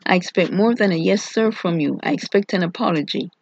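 A reader voicing a stern, heavyset father who scolds his son in a commanding way, with a gravelly, husky voice. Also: medium pitch, a little fast, natural voice. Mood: scolding. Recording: muffled lo-fi recording.

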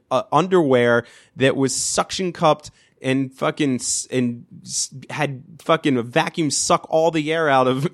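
A man's voice: medium pitch, dry recording, studio quality. A man from New York hosting a podcast, ranting crudely with constant swearing and rambling restarts. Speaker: podcast host. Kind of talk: profane solo rant.

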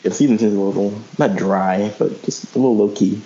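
A man guest-hosts a casual podcast in a very low voice. He talks hesitantly, often restarting his sentences. The sound is dull and lo-fi. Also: fairly even intonation, a little fast, noisy background. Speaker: guest co-host.

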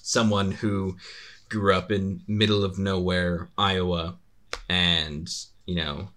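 A man's voice: deep voice, flat delivery, slow pace, pushed and bright. A young man co-hosting a podcast, chatting casually with a rambling, restarting way of talking and a dry humor. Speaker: podcast co-host.

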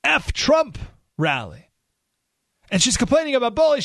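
A man hosting a talk radio show, telling a story in an animated way and jumping his voice up when he acts out what people said. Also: very high voice, normal speed, dry recording, studio quality.

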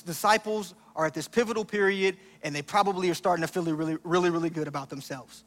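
High-voiced preacher in an echoing hall. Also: male voice, a bit bright. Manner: conversational preaching, acts out quoted lines. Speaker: pastor. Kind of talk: sermon.

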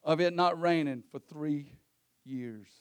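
A man preaching a sermon, telling the story in a folksy way that swings between low murmurs and shouts. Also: slow pace, clear, resonant tone.

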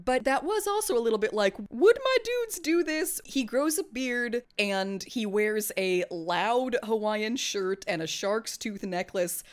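A woman's voice: medium pitch, expressive, measured pace, few pauses. A woman co-hosting a podcast in casual chat, talking animatedly, swearing freely and laughing often. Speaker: podcast co-host.

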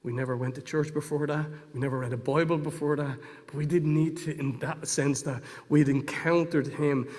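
A middle-aged man preaching his own testimony, moving between hushed moments and fervent storytelling. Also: fairly high pitch, steady tone, normal speed. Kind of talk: testimony sermon. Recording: long hall reverb.

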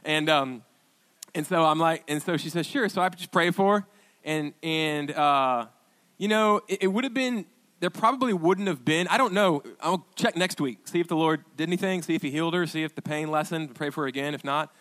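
A man preaching a sermon as pastor, telling stories in a chatty, halting way with restarts and quoted dialogue. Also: on the high side, a bit bright. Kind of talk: conversational sermon storytelling.

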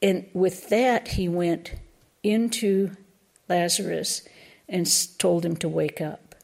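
A woman giving a reflective spiritual talk at a very slow, unhurried pace. Her lowish voice has a gravelly, creaky edge. She speaks thoughtfully and searches for her words aloud. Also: fairly even intonation, a little mellow. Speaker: spiritual lecturer.

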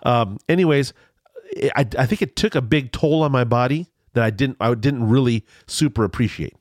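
A man's voice: mid-range voice, moderate pace, no room sound, studio quality. A middle-aged man telling a rambling story in casual chat, full of restarts and asides.

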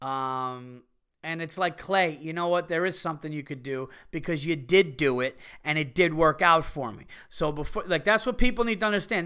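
A middle-aged man hosting a casual comedy podcast, ranting profanely and excitably as he reads listener emails. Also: high voice, moderate pace, clean tone. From Italian-American heritage.

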